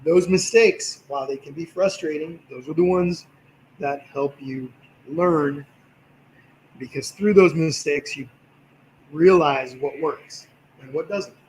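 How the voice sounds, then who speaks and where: Male painting instructor, slightly raised pitch, tired voice, encouraging, roomy live-stream sound. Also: takes it slowly. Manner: relaxed, encouraging, talks while working. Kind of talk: livestream painting tutorial.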